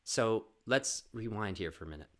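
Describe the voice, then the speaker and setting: A man's voice: on the low side, lively intonation, normal speed. A man hosting his own podcast, telling a funny family story in a rambling casual way, swearing and saying "like" a lot. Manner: rambling, swears, says "like" often. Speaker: podcast host.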